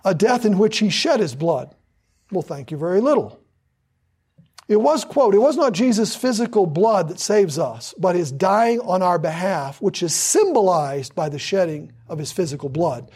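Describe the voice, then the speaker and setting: Male preacher, husky voice, fervent sermon delivery, repetitive hammering emphasis. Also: sits high, lively intonation, normal speed, darkish tone.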